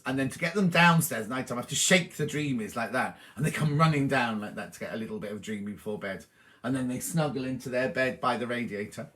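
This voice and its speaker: A middle-aged man hosts a live stream, cheerfully chatting and reading viewers' comments aloud before answering them. His voice is mid-range with a fairly bright tone, and the talk is casual.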